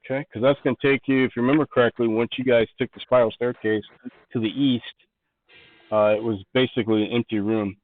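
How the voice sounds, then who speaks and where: A man's voice: mid-range voice, steady tone, fairly quick, no echo, phone-quality sound. A man narrating as game master, describing rooms and thinking aloud as he sets each scene.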